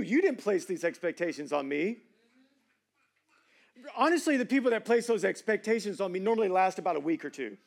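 A middle-aged pastor preaching a sermon in a casual, conversational way, with slangy fillers. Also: male voice, high-pitched, sing-song, fairly quick, gravelly.

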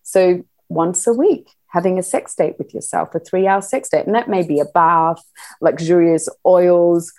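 Animated, low-voiced woman podcast guest. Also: normal speed. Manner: animated, laughs often, acts out quotes. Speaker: podcast guest, sex educator. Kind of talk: casual interview chat.

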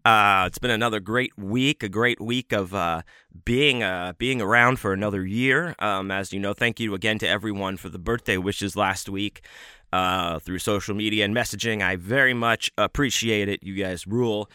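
Bright, laid-back man hosting a podcast. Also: lowish voice, fairly even intonation, normal speed, clean tone, dry recording, clean studio sound. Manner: laid-back, rambling, lots of fillers. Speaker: podcast host. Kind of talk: casual solo podcast shout-outs.

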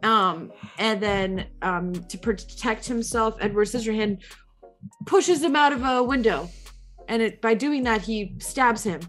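High-voiced rambling woman, faint music. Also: a little slow, a bit bright. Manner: rambling, full of likes and uhs, gushing. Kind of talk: casual chat, retelling a movie plot.

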